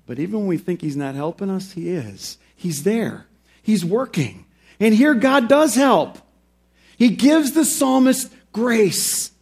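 A man with a notably high voice preaches a sermon, reading scripture and then explaining it. On the big points he slows right down and lifts his voice for emphasis. On the quieter reflective points he sinks low and soft. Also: expressive, slightly rough. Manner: preaches with slow, emphatic rises on key phrases. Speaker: pastor.

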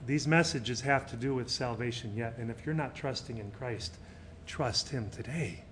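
A middle-aged male pastor preaching a sermon, swinging between loud emphatic peaks and quiet, soft passages. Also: medium pitch, a little hiss or hum.

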